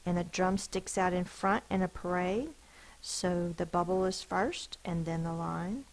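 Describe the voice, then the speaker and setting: A woman teaching a phonics lesson, slowly sounding out each letter and syllable of spelling words. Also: lowish voice, steady tone, low-quality recording. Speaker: elementary school teacher.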